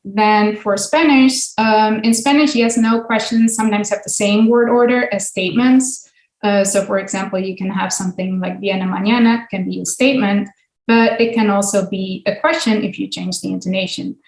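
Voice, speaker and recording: A woman's voice: mid-range voice, fairly even intonation, normal speed, darkish tone. Woman lecturing in an echoey room. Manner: patient explaining, frequent ums and uhs. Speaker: linguistics professor giving a guest talk. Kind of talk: academic lecture with slides.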